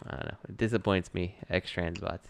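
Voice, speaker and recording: A man's voice: deep voice, fairly even intonation, a little fast, vocal fry, no echo. A man co-hosting a podcast, rambling and hesitant, with casual swearing. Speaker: podcast co-host. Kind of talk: casual chat about toys.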